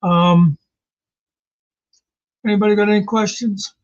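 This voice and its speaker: A man's voice: high-pitched, steady tone, unhurried, muffled recording. A man hosting his own commentary channel, recounting an online argument in a rambling, sarcastic, off-camera chat with some profanity. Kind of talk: casual recap commentary. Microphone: home mic, off camera.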